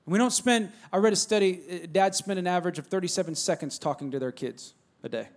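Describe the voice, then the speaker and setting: Male pastor, slightly high voice, conversational and emphatic sermon delivery. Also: fast talker. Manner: repetitive, emphatic, conversational, calls to the congregation.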